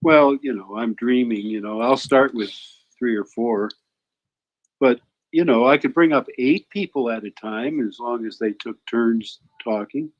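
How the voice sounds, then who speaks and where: A man's voice: medium pitch, measured pace, dull audio. A man who is a guest teacher, chatting casually in long run-on suggestions that he restarts as he goes. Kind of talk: casual chat.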